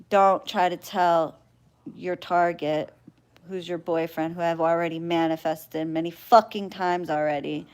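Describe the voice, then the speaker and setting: A woman's voice: fairly low pitch, darkish tone. A woman who practises spellwork, ranting bluntly and wearily to her livestream viewers, swearing freely. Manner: blunt, exasperated, profane; sighing and weary. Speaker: spiritual practitioner and spell caster.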